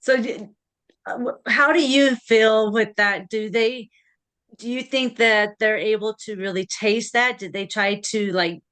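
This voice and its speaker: A woman's voice: on the high side, unhurried, fairly bright tone. A woman hosting an interview, asking questions in a hesitant, chatty way. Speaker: podcast host.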